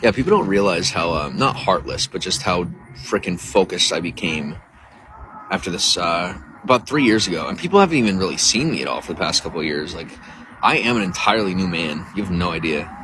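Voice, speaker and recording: Guy w a really low voice rambling on his phone stream outside, cars going by, pretty noisy. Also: expressive, brisk. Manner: rambling, talks to viewers, reads chat aloud. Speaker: livestream host. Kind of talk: casual livestream chat. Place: outdoors near a coffee shop.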